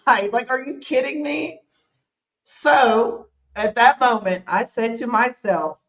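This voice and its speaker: A woman telling a story on a podcast in a lively, animated way, acting out the people in it and slipping into Spanish. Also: sits high, unhurried, echoey room, lo-fi sound.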